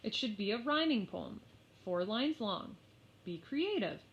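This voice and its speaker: A woman's voice: medium pitch, big pitch swings, measured pace, slight background noise. A woman voicing a tall, irritated male schoolteacher who speaks with strained patience. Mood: stern. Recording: slightly muffled lo-fi.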